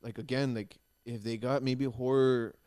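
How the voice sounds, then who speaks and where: A man's voice: medium pitch, steady tone, moderate pace, mellow, smooth. A man cohosting a podcast, chatting casually about a movie, rambling with lots of restarts and filler words and swearing freely. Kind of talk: casual chat.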